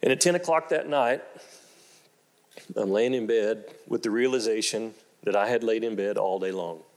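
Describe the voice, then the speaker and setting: A middle-aged man preaching a sermon, who moves from slow, low storytelling to loud, excited exclamations and repeats his phrases for emphasis. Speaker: pastor.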